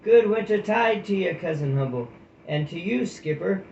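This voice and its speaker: A blunt, bossy old storybook hedgehog with rustic speech, high and loud, as a man puts him on. The sound is roomy and dull. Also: animated, normal speed, gravelly, a little hiss or hum. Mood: cheeky.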